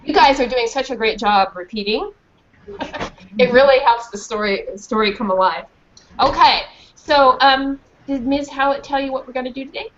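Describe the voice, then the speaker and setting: A woman's voice: high voice, normal speed, fairly bright tone. A woman reading a storybook aloud to a class of children, acting out the characters' voices with animation. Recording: dull lo-fi call audio with faint hiss.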